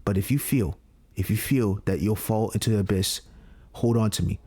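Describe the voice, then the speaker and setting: A man voicing a stoic, curt young male student bodyguard in a video game, speaking tersely and deadpan. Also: slow, husky. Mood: cold, steady. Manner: terse, deadpan, low and flat.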